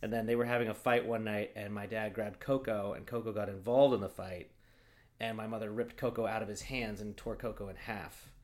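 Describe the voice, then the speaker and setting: A man's voice: fairly low pitch, steady tone, brisk. A man from Oregon co-hosting a podcast, telling long rambling stories in casual chat with plenty of fillers. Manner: rambling storyteller, lots of fillers. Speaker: podcast host.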